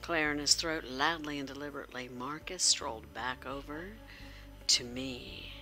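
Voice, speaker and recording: A woman's voice: a bass voice, normal speed, bright, forceful tone, soft background music. A woman streamer reading a story game aloud, narrating and dropping in playful, joking asides.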